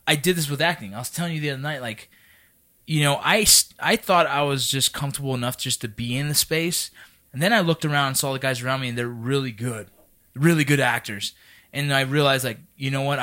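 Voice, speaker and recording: A man's voice: medium pitch, pushed and bright. A man who is a military veteran, talking in a casual podcast conversation in a profane, emphatic, fired-up way.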